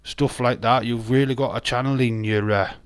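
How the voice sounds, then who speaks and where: A man's voice: medium pitch, fairly even intonation, normal speed, clear, resonant tone, dry recording. A man chatting casually on a live watch-along stream, rambling and joking as he reads out chat messages.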